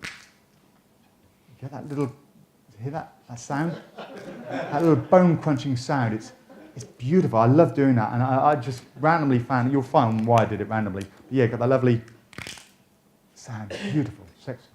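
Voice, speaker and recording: A man's voice: mid-range voice, moderate pace, pauses often, darkish tone, a little hiss or hum. A man lecturing fellow magicians in a chatty, jokey way, often restarting his sentences. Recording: echoey room.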